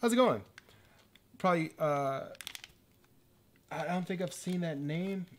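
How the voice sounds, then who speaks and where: A man's voice: on the high side, measured pace, a little hiss or hum. A man chatting casually on a livestream while assembling a computer, rambling and self-deprecating, sometimes drifting away from the mic. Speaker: livestreaming artist.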